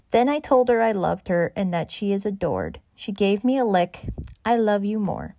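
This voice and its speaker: A woman reading aloud children's stories in a bright, expressive, rhythmic way. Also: mid-range voice, moderate pace, creaky, no room sound. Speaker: children's story reader. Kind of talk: read-aloud storytelling.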